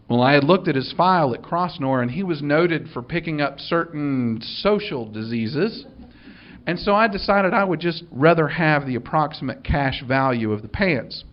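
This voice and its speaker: A man's voice: on the high side, animated, moderate pace, muffled recording. A man, a minister telling a funny story to an audience in a dry, wry way, acting out the dialogue.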